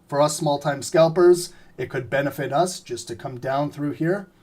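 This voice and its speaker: Guy streaming live trades, slightly high voice, keeps clearing his throat, voice going hoarse. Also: normal speed. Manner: steady explanatory, repeats "remember" and "right?". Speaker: trading streamer. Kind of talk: live market commentary.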